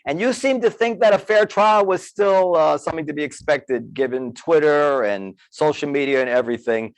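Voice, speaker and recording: A man hosting a casual talk show, halting and quick to laugh. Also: fairly high pitch, no echo, low-quality recording. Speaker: host.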